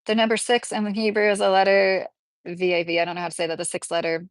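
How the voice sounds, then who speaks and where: A woman's voice: medium pitch, monotone, quick pace, no room sound. A woman with a Kentucky accent hosting a livestream, chatting in a rambling way with lots of fillers. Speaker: livestream host. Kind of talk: casual livestream chat.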